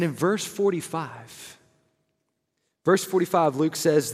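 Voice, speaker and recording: A man preaching a sermon as dramatic storytelling, moving from hushed, somber lines to fervent, rising passages. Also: a little high, a little slow, in a large hall. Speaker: pastor.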